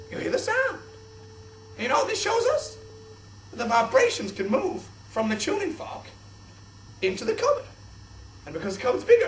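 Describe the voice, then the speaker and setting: A young man presenting a kids' science show in an exaggerated, excitable host voice. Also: very high-pitched, gravelly, slight background noise. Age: young adult. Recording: echoey room, distant mic.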